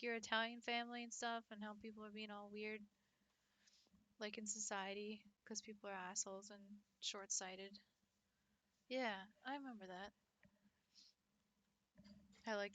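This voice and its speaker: A woman's voice: mid-range voice, pushed and bright, no echo. A young woman, a French teacher, chatting casually with her stream viewers, talking loosely with many "likes" and laughing often.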